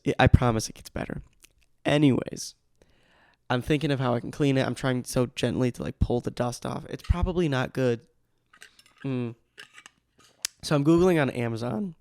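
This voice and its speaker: A young man hosts a casual solo podcast on a studio microphone, rambling through tangents and mocking himself. His medium-pitched, slightly mellow voice moves at normal speed with long pauses, in clean studio sound without echo.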